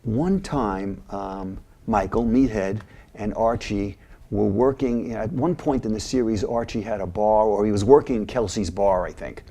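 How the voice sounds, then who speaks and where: Older man telling a story, gravelly. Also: lowish voice, unhurried. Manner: animated, retells scenes with voices. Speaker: guest, former mental health agency CEO. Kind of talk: interview storytelling.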